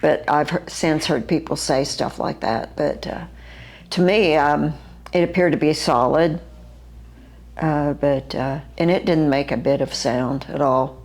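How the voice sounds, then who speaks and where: An older woman with a West Virginian accent, recounting her own encounter as an eyewitness in a halting, vivid way, with fillers and restarts. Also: deep voice, a little mellow.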